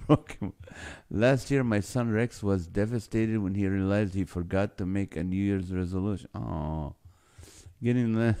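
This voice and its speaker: A man's voice: fairly low pitch, mellow. A man hosting a live stream, reading viewer comments aloud and joking, often breaking into laughter. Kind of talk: casual live-stream chat.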